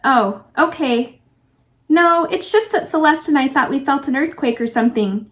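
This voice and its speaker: A woman reading aloud, voicing a practical teenage girl who talks sensibly and calmly. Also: high-pitched, normal speed. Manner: reasonable, reassuring.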